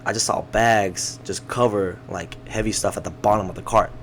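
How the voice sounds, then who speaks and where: A man's voice: lowish voice, fairly even intonation, normal speed, fairly bright tone, slight background noise. A young man co-hosting a podcast, telling stories in a laid-back way with lots of slang and swearing. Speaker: podcast co-host. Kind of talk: casual chat.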